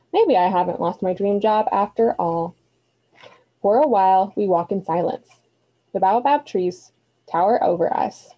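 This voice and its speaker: A woman's voice: medium pitch, lo-fi sound. A woman teacher patiently reading a children's novel aloud to her students. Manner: patient, clear instructional reading.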